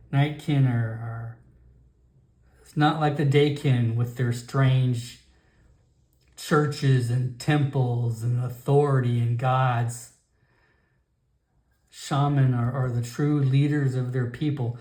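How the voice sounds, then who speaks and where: A man narrating a solo tabletop game in a slow, halting way with fillers. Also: mid-range voice, dark tone. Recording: echoey room.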